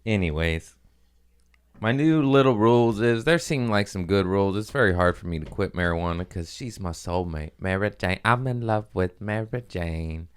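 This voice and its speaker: A man's voice: sits low, moderate pace, clear, resonant tone. A man who hosts a comedy podcast alone, rambling, profane, laughing often and wired on caffeine. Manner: excitable, profane, laughs often, jumps topics. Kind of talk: casual rambling solo monologue. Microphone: studio microphone.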